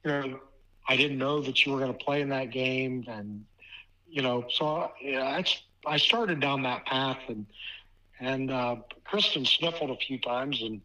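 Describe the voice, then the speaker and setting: A man in his fifties from Ohio, a basketball official guest telling a personal story in a halting way, often repeating words. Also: mid-range voice, pushed and bright, dull audio. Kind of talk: casual storytelling interview.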